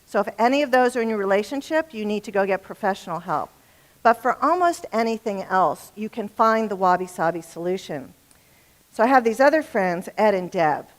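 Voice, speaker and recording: A middle-aged woman gives a relationships talk before a live audience in an animated, mid-range voice at a fairly quick pace. Humorous and talkative, she keeps throwing questions out to the room.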